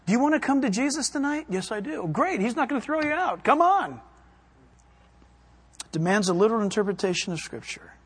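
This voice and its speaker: High-voiced impassioned male preacher. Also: sing-song, brisk, husky. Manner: impassioned, emphatic, shifting between hushed and loud. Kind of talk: sermon.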